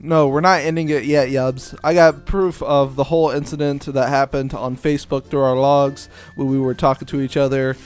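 A man's voice: medium pitch, little pitch movement, normal speed, few pauses, clear, resonant tone, faint music behind. A young man speaking casually and earnestly to viewers, rambling a little. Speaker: vlogger's friend.

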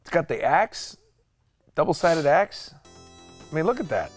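A man's voice: on the high side, big pitch swings, soft background music. A man bantering and joking in casual chat while playing a retro game in a studio. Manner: quick, jokey banter. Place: studio, sitting at a game console.

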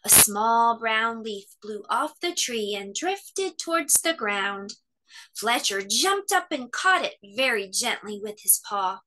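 Animated woman reading a picture book. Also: on the high side, slow. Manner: expressive, animated storytelling. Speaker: children's story time host.

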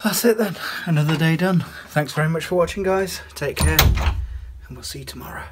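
A cheerful man in his thirties chats to camera through a family evening, laughing often and going sing-song when he talks to the kids. He sounds like he is filming himself at home on a handheld camera. There is a steady hiss of background noise, with kitchen clatter behind him. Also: fairly high pitch, fairly quick. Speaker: family vlogger. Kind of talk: casual home vlog. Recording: noisy home recording.

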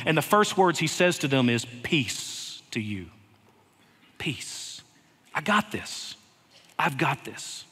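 A man preaching a sermon in a church, earnest and unhurried, with light touches of humor. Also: on the high side, a bit bright. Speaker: head of school preaching. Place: church sanctuary. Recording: long reverb of a church hall.

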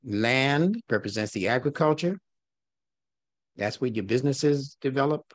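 A man's voice: medium pitch, unhurried, no echo. A man teaching a recorded religious class, who challenges his listeners with rhetorical questions and repeats his key points. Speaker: religious instructor.

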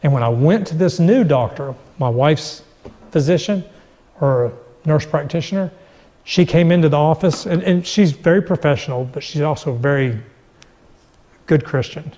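Middle-aged man, testimony, storytelling, slightly high voice, long reverb. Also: normal speed, mellow. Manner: storytelling, acts out quoted dialogue. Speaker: guest. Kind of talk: personal testimony.

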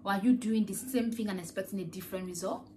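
A woman's voice: medium pitch, fast talker, warm tone, a little hiss or hum. A woman host giving an earnest, rambling motivational talk full of rhetorical questions. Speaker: podcast host.

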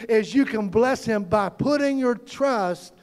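A pastor, preaching fervently and calling out to the congregation. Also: male voice, very high voice, a little slow. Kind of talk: sermon.

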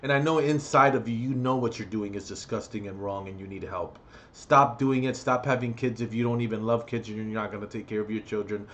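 A man's voice: lowish voice, fairly quick. A man on a profane, heated rant. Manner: heated, profane ranting with loud outbursts. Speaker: vlogger. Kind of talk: ranting vlog monologue.

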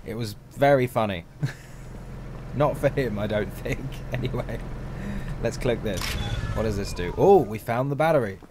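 A man talks through a video game as a channel host. He chats, rambles and jokes as he plays, at a medium pitch. Faint background noise sits under his voice. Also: a little slow, pauses often. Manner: chatty, rambling and jokey, laughs often. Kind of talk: let's play commentary.

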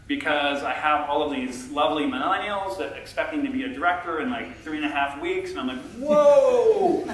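A middle-aged man giving a conference talk from a stage, a self-confessed low talker who is chatty and self-deprecating and talks back and forth with the audience. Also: fairly bright tone. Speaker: conference speaker. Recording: echoey hall, heard from far off.

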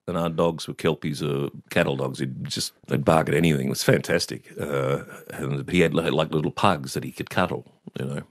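A man with an Australian accent, a guest telling stories in an interview with lively, laughing delivery. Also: extremely low pitch, normal speed, few pauses, no room sound, clean studio sound. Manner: animated anecdote-telling with laughs. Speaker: actor and author guest. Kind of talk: storytelling interview.

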